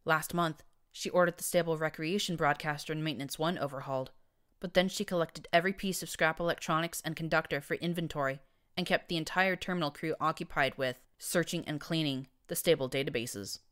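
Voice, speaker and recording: A woman narrating fiction in first person, reading with a wry, even delivery. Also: sits low, brisk. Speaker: audiobook narrator.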